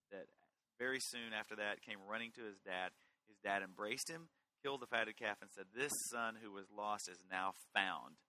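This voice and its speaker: A middle-aged man giving a conversational sermon as a pastor, reading Scripture with lively emphasis. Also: lowish voice, low-quality recording. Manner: conversational, animated Bible reading.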